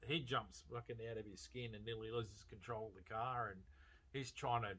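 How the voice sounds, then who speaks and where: A man giving a casual, animated movie review, swearing freely and laughing as he retells scenes. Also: fairly low pitch, normal speed. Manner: animated, profane, laughing storyteller. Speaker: film reviewer.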